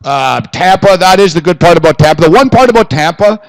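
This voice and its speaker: A man co-hosting a podcast, telling stories with loud excitement and laughing as he goes. His voice sits a touch higher than most men's. He swears freely in casual banter. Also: fairly quick. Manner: excitable storyteller, swears a lot, laughs often. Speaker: podcast co-host.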